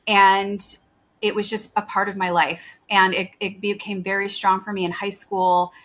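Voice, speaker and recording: A woman's voice: medium pitch, little pitch movement, normal speed, fairly bright tone. A middle-aged woman, a psychic medium guest, chatting in a friendly, earnest way. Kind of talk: casual interview chat.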